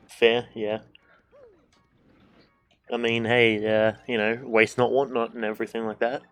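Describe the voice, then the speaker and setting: A man's voice: mid-range voice, little pitch movement, slow pace, pauses often, fairly bright tone, clear, resonant tone, soft background music. A man streaming a game, chatting casually, joking and swearing, and reading the game's dialogue aloud. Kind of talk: casual gameplay commentary.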